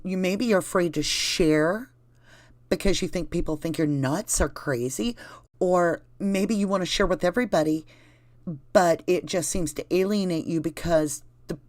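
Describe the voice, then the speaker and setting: With a deep voice and a Southern US accent, a woman hosting a livestream reads her chat aloud and talks straight to viewers. She's casual, conversational and rambling, recorded dry.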